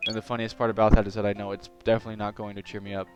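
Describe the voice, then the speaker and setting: A young man chatting on a live stream, telling an animated, rambling story. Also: on the low side, racing, over music, poor audio. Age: young adult. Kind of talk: casual live-stream chat.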